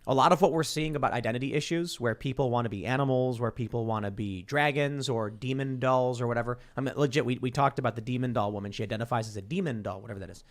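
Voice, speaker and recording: A man chatting on a podcast panel, telling stories in an animated way. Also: mid-range voice, fast, few pauses. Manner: animated storytelling. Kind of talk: casual chat.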